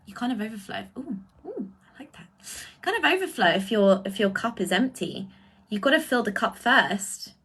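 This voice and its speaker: A bright-voiced spiritual coach talks indoors on a live video stream, answering comments. Her mid-range voice has a breathy edge, and she is effusive, drawing out her exclamations.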